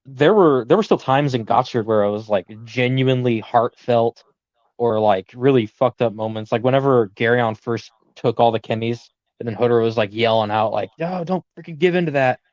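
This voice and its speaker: A man's voice: mid-range voice, moderate pace, darkish tone, no room sound, muffled recording. A young man co-hosting a casual podcast, rambling with lots of fillers and easy laughter. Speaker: podcast co-host.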